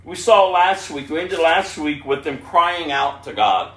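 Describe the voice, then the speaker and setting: Impassioned preacher man, lively pitch. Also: a little slow, roomy sound, distant mic. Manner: impassioned, emphatic, swings from hushed to loud. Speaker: pastor. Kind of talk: sermon.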